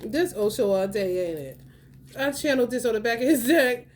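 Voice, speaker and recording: Animated woman with a lively high voice. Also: normal speed, slight background noise. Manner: animated, laughs often, slangy, swings from loud to soft. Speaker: spiritual reader. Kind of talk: casual spiritual monologue.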